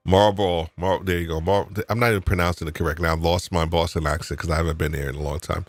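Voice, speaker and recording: Low-voiced rambling man from New York. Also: quick pace, hardly any pauses, dry recording, clean studio sound. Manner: rambling and animated, with frequent restarts and laughs. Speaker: podcast co-host. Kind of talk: casual live podcast chat.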